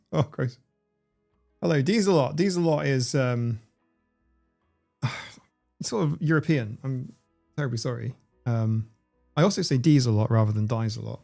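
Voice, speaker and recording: Gravelly man chatting on stream. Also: a little high, a little mellow. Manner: chatty, playful guessing. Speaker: livestream host. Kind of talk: casual livestream chat reading comments.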